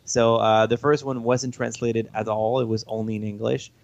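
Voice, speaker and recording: A man whose first language is French, a game developer explaining his work in a casual interview, halting and chuckling as he talks. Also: mid-range voice, little pitch movement, creaky, a little mellow.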